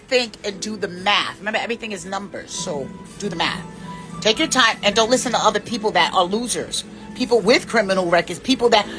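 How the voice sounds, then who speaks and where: A woman's voice: on the high side, pushed and bright. A woman in her fifties giving blunt, profane life advice in an unscripted monologue. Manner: blunt, profane and preachy, with big swings in emphasis.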